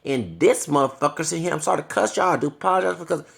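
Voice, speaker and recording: Racing along in a fairly high, gravelly, fairly bright voice, a man in his thirties vents a heated, profane monologue to camera. Every so often the vlogger stops to say sorry for cursing.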